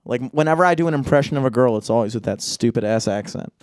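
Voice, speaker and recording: A young American man chatting casually and swearing a lot, telling animated stories with frequent laughter. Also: mid-range voice, fast, dry recording, clean studio sound. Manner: laughing, profane, animated storyteller. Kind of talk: casual chat.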